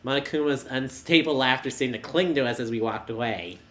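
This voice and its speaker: A woman's voice: rumbling low, fairly quick. A woman hosting a let's play, reading game dialogue aloud in a playful, punning way.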